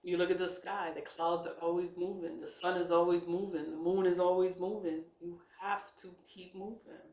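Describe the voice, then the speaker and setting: A woman's voice: fairly low pitch, little pitch movement, normal speed, hardly any pauses, a little mellow, roomy sound. A woman chatting casually about spiritual topics, reading questions aloud and answering in a rambling way, repeating herself and laughing often. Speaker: spiritual vlogger. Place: indoor room at a laptop.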